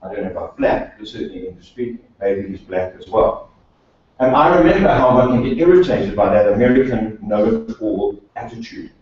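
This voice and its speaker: A man's voice: medium pitch, big pitch swings, brisk, darkish tone. A man from South Africa, a speech coach, delivers a prepared talk to a professional meeting, leaning on dry humour and rhetorical questions. His voice reaches a distant microphone in a very echoey hall. The sound is dull and muffled. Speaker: speaker, speech and accent coach. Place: meeting room of a professional association.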